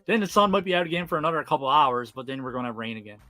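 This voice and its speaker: Fast-talking Newfoundland man, bright voice. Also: on the high side, animated, no echo. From Newfoundland, Canada. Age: 30s. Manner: fast-talking, slangy, laughs often. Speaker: livestream host. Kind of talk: casual livestream chat.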